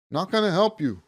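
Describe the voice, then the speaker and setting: A man teaching a music lesson, counting beats aloud and stopping to rephrase himself as he explains. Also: sits high.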